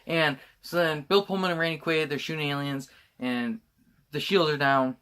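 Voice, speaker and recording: A man's voice: fairly high pitch, fairly even intonation, moderate pace, pushed and bright, clean tone. A tipsy man rambling through a movie recap and acting out lines in silly voices. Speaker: host.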